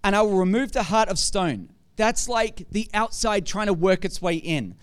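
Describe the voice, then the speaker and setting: A male preacher with a high, smooth, clear voice talks in a conversational way, often stopping to ask the room questions. He tells stories and then presses his points with rising force. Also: expressive, normal speed. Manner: conversational, asks rhetorical questions, grows forceful. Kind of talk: sermon.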